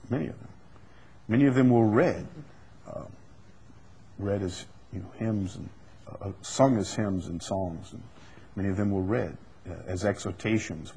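A man preaching a Bible study sermon. He builds to loud, emphatic repetition and then drops back to quiet explaining. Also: on the low side, expressive, moderate pace, long pauses, slight background noise.

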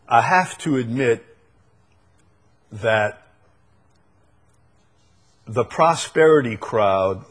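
Slow, emphatic preacher, man. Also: medium pitch, husky. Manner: emphatic, swings from loud proclaiming to quiet intensity; repeats phrases for emphasis. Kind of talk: sermon.

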